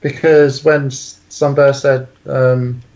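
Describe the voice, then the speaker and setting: A man's voice: medium pitch, little pitch movement, slow, a little mellow. A man giving casual commentary on a cartoon, speaking hesitantly and restarting often. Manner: hesitant, full of restarts and fillers. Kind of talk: casual reaction chat. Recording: dull lo-fi recording.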